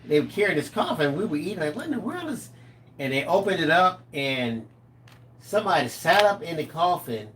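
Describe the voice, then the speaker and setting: A middle-aged man co-hosting a live stream, telling stories in a lively, animated way. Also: fairly high pitch, fairly quick, a little hiss or hum. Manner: animated storyteller, acts out quotes. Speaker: co-host of a live craft stream. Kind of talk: casual storytelling chat.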